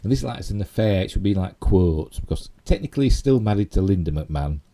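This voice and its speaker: A middle-aged man with a Yorkshire accent chatting through a casual live stream, rambling with many fillers and asides, his voice a little hoarse. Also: sits low, animated, quick pace, warm tone. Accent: Yorkshire English. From Yorkshire, England. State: slightly hoarse. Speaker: channel host.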